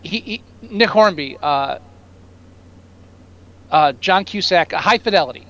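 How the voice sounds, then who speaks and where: A man co-hosting a film chat, halting and repeating his words before landing dry put-downs. His voice is fairly high, and the mic sounds dull and muffled. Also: expressive, fairly bright tone. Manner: hesitant, stammering, dry. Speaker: podcast co-host. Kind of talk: casual movie review chat.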